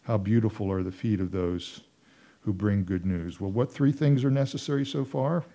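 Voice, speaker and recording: Man, preacher, sermon, earnest storytelling, repeats phrases, warm dark tone. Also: lowish voice, moderate pace, creaky.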